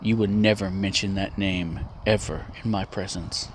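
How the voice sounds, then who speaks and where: A man voicing a grim, hard old male ex-soldier father who talks in a gruff, curt, threatening way, low and quiet. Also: flat delivery, normal speed, a little hiss or hum, natural voice. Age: older.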